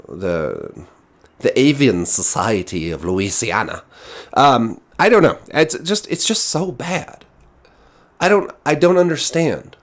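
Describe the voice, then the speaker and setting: A man giving a casual spoken TV review, exasperated and rambling with many restarts. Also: fairly high pitch. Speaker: TV show reviewer.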